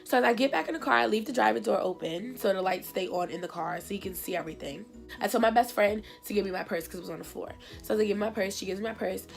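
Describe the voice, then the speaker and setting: A woman's voice: mid-range voice, quick pace, gravelly, soft background music. A young woman from New Jersey telling a casual storytime to her viewers, acting out the other people in her own voice. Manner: animated, acts out dialogue in voices. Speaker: vlogger.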